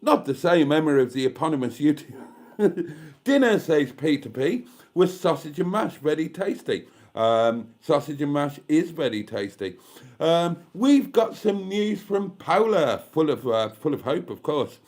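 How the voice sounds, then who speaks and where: A man's voice: on the high side, animated, unhurried, darkish tone. A man from Britain hosting a casual live stream, reading out viewer comments in a chatty, self-mocking, camp way. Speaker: YouTube live stream host. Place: indoors at home.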